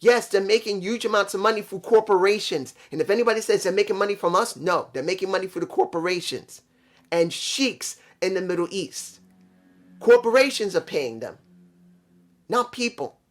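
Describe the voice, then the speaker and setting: A man's voice: high voice, animated, moderate pace. A man from New York reviewing a wrestling show, talking bluntly and profanely, venting his frustration and talking straight to his subscribers. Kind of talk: ranting casual review.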